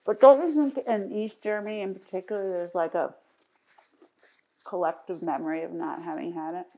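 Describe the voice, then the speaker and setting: A middle-aged woman, the guest, chatting casually over a meal and telling lively stories, often jumping in. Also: lowish voice, moderate pace. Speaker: interview guest.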